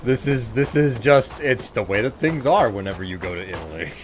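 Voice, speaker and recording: A man's voice: lowish voice, lively intonation, brisk, music in the background. A man streaming a game, giving casual, sarcastic commentary and poking fun at himself. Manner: sarcastic, joking, self-mocking.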